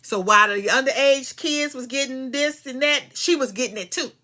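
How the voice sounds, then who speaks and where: Reading a legal filing on her podcast, this woman speaks at normal speed in a high, bright, forceful voice. Every so often she stops to launch into emphatic asides full of profanity and heat.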